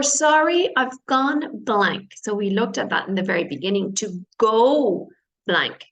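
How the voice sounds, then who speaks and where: Woman, English teacher, online lesson, higher voice, repeats phrases, slow careful explaining. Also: fairly bright tone, low-quality recording. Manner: explains slowly, repeats phrases, switches to Spanish to gloss words. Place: based in Spain.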